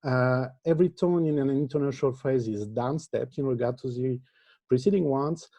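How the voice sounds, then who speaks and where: A man giving an academic conference talk as a linguistics lecturer, explaining step by step in a halting way, with frequent pauses. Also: mid-range voice, mellow, no echo.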